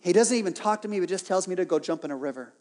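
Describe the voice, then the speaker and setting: A man's voice: sits high, rapid-fire, darkish tone, lightly acted. A man preaching, voicing a proud, indignant army commander who complains that he has been slighted. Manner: exasperated, complaining. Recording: reverberant hall.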